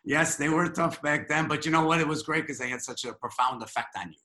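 Bright-voiced interview host in an echoey room. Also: male voice, fairly high pitch, fast. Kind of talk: interviewing and reading aloud from a book.

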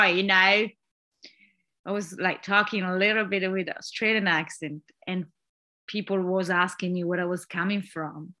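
A woman from Italy with an Italian accent, an actress answering interview questions, often pausing to search for words. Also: medium pitch, bright, forceful tone. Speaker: actress, guest.

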